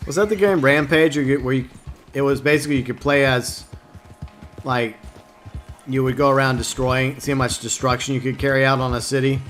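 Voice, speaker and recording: A man's voice: mid-range voice, fairly even intonation, brisk, fairly bright tone. Casting note: male gamer streaming live, chatty and joking, light game music behind. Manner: chatty, reads viewer comments, mock-whiny jokes. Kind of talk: casual live-stream chat.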